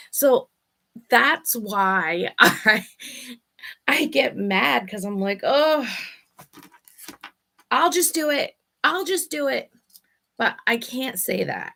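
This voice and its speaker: A woman's voice: medium pitch, a bit bright. A middle-aged woman hosting her own video, talking candidly and bluntly, with swearing as she vents about home life. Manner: blunt, profane, venting. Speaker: vlog host. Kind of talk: candid personal chat.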